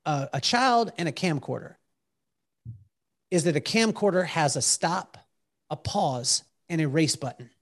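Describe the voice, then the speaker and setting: A man telling animated stories as a podcast guest, acting out what people said and breaking into song, with halting restarts when he explains a point. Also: fairly high pitch. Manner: lively storyteller who acts out quotes and sings bits. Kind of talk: animated storytelling in conversation.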